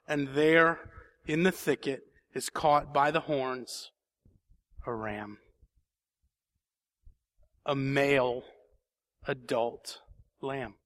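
A man's voice: on the high side, fairly bright tone. A man preaching a sermon in a church, reading scripture and then building to emphatic questions. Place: church sanctuary.

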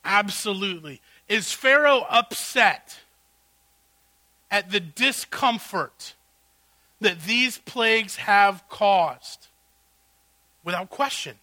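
Animated, bright-voiced male preacher. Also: high voice, slow pace, long pauses, no room sound. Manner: animated preaching, loud bursts and hushed asides. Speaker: pastor. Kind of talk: sermon.

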